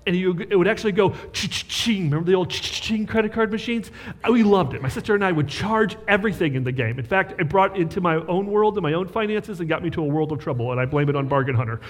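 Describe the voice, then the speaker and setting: A man's voice: high voice, lively intonation, fast talker, big-room sound, a little hiss or hum. A man preaching a sermon as pastor, talking conversationally and checking in with rhetorical questions.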